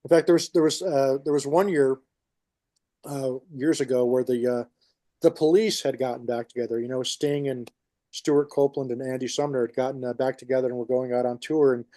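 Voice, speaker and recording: A man's voice: mid-range voice, fairly even intonation, fairly quick, dark tone, dry recording. A man with a New York accent co-hosting a podcast, telling long rambling stories in casual chat with many restarts. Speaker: podcast co-host.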